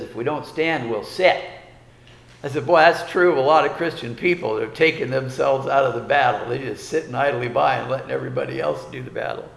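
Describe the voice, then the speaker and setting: A man's voice: medium pitch, creaky, a bit bright, echoey room, big-room sound. A man preaching a sermon as pastor, folksy, with rhetorical questions and repeated phrases.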